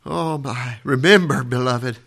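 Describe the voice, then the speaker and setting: A man preaching a sermon as pastor, fervent and building to shouts. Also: medium pitch, a little slow, breathy edge.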